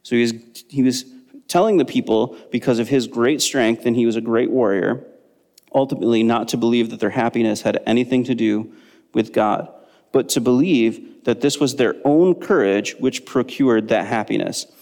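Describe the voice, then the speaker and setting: A man teaching a Bible study lesson, explaining in a relaxed way with frequent ums. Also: mid-range voice, moderate pace, long reverb tail.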